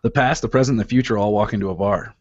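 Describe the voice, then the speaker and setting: A man's voice: fairly low pitch, rapid-fire, a little mellow, no room sound. Teasing male radio co-host. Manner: joking, teasing. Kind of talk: casual radio banter. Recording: muffled radio broadcast audio.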